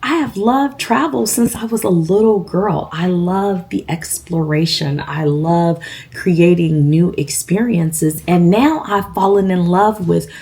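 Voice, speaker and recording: A woman in her fifties talks straight to her viewers in a loose, chatty vlog. Her voice sits low and gravelly, with a husky edge, and she takes her time. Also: unhurried. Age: 50s. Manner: chatty, warm address to viewers with fillers. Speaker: vlogger. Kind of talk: casual vlog chat.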